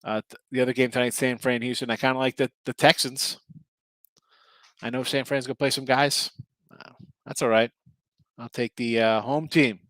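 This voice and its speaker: A man's voice: medium pitch, flat delivery, moderate pace, long pauses, fairly bright tone, no echo. A middle-aged man hosting a sports betting show, chatting casually with viewers, rambling and correcting himself, a bit tired. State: tired, yawning. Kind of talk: casual livestream chat.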